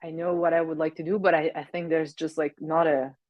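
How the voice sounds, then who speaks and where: A woman in her thirties with a French Canadian accent chats as an interview guest, pausing and filling with "like" as she searches for words. Her voice sits a little low, and the recording is dry and close. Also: level tone, a little mellow, no room sound, muffled recording. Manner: hesitant, many fillers, laughs often. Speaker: guest, Olympic speed skater. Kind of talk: casual interview chat.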